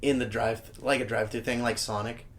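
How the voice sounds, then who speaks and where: A man's voice: mid-range voice, level tone, a little fast, a bit bright. A man co-hosting a podcast, trading crude jokes and quips while recapping a horror film. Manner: joking, crude quips and punchlines. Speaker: podcast co-host. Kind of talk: casual movie recap chat.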